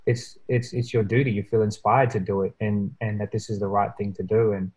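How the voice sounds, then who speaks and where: A man telling a story in casual chat, rambling and filling pauses with "you know" and "like", growing animated as he recounts it. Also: low-quality recording. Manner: animated when recounting, pitch jumps up.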